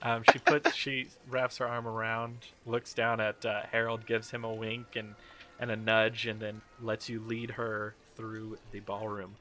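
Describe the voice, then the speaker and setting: Casual male game master, bright tone, relaxed narration. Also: on the low side, measured pace. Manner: casual, laughing, filler-heavy narration.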